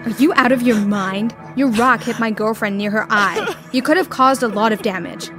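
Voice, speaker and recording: A woman's voice: fairly high pitch, normal speed, over music, natural voice. A woman voicing a fed-up teenage boy. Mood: furious. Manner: stern, shouting at an intruder. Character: angry teenage boy, the neighbor.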